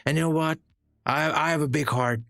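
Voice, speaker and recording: A man's voice: fairly high pitch, fairly even intonation, brisk, vocal fry, a bit bright, no room sound, studio quality, voice pushed up. A man doing a comic impression of a boastful male president, rambling and repeating big superlatives.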